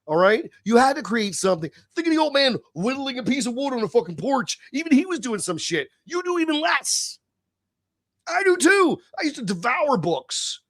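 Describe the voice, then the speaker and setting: A tipsy man hosting a live stream, ranting and swearing, swinging between low mutters and shouted outbursts. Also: no room sound, studio quality. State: tipsy from beer. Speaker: livestream host. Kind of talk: profane live-stream rant.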